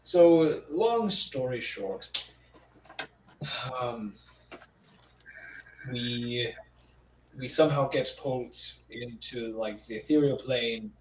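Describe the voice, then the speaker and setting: A man's voice: medium pitch, animated, slow pace, long pauses. A man speaking in character as a player in a tabletop role-play, rambling and hesitant with many fillers. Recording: roomy sound, from far off, faint noise.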